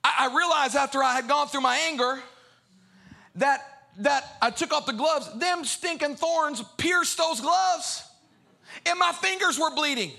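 A man preaching a sermon to a church crowd, moving from hushed storytelling to shouted, sing-song calls. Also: very high-pitched, a little slow, creaky. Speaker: pastor. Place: church sanctuary.

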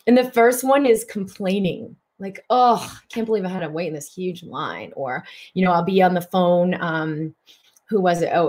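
A middle-aged woman hosting a live broadcast, giving a spiritual coaching talk with animated, breathy exclamations. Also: fairly low pitch.

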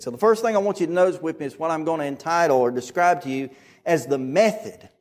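High-voiced earnest Southern preacher. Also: male voice, quick pace, a little mellow. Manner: earnest, emphatic, repeats key phrases. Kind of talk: sermon.

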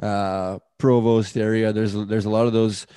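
A man's voice: on the low side, level tone, unhurried, warm tone, clear, resonant tone, dry recording. A man hosting a podcast, telling rambling stories in casual chat, swearing freely and laughing often. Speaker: podcast host.

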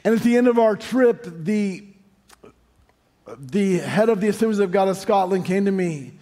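A man's voice: high-pitched, moderate pace, dark tone. An American man preaching a sermon as pastor, telling stories with joking asides and building to sung emphasis. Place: large church hall. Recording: long hall reverb, faint music.

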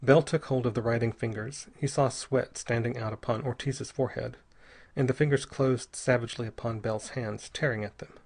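A man narrating an adventure story in a measured, steady reading voice. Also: medium pitch, gravelly, slightly rough. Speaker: audiobook narrator. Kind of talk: scripted narration.

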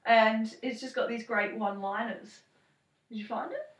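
A woman's voice: a little high, steady tone, normal speed, recorded from a distance. A woman co-hosting a podcast in a casual chat, laughing often and swearing lightly. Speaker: podcast co-host. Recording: echoey room, a little off-mic.

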